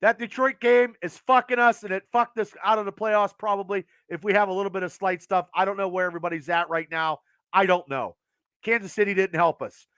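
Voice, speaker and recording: A man hosting a podcast, ranting passionately about his team with lots of swearing, swinging between loud outbursts and quieter stretches, his voice getting worn. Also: sits high, fairly even intonation, brisk, smooth, no room sound. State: losing his voice. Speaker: podcast host. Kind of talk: fired-up sports rant.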